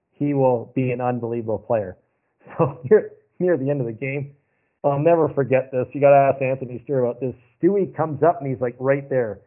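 A man telling long, rambling hockey stories in a casual chat, repeating himself as he goes. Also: medium pitch. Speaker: podcast guest. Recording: phone-like narrow sound.

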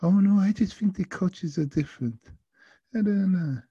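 Man putting on a young French woman, tipsy and lovesick, high slow pleading voice with a dark tone. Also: lively intonation, slightly rough, no echo, lo-fi sound. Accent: attempted French.

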